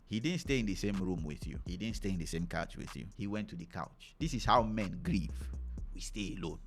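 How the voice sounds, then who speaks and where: A man's voice: on the low side, slight background noise. A man giving blunt, preachy commentary on relationships and acting out what other people say. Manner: animated, preachy, acts out quotes. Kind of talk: opinionated reaction commentary.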